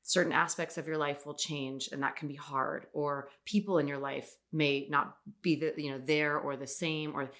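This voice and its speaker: Young woman hosting a podcast, deep voice, warm and encouraging. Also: fairly even intonation, moderate pace, hardly any pauses. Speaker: podcast host. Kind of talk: casual interview talk.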